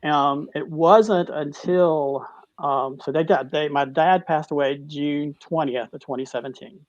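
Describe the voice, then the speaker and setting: A middle-aged man, a teacher, tells his cancer story in an interview, halting and restarting, choked up at times. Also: on the high side, fairly even intonation, no room sound, dull audio. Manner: halting, with many restarts, tearful at moments. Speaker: guest, cancer survivor. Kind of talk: emotional personal story in a talk-show interview.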